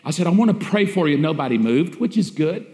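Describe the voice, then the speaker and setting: In a church sanctuary, a pastor preaches emphatically and repetitively, putting rhetorical questions to the congregation. His voice is a little high, expressive, mellow, and brisk, echoing through the church hall.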